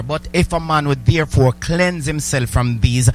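A man's voice: on the high side, brisk, hardly any pauses, soft background music. A man preaching a sermon, restarting words and asking the listeners rhetorical questions. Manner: repetitive stammering restarts, rhetorical questions to the congregation.

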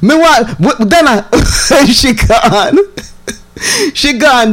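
A woman's voice: fairly high pitch, lively intonation, extremely slow, fairly bright tone. A woman chatting casually with a friend, laughing often and arguing playfully. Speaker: church member. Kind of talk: casual chat between friends.

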